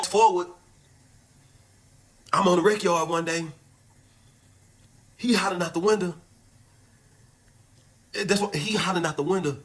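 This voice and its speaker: A man telling a story in a casual, animated and heavily profane way, acting out what others said. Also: high-pitched, moderate pace, pauses often. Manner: animated, profane, acts out quotes. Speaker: storyteller in a clip.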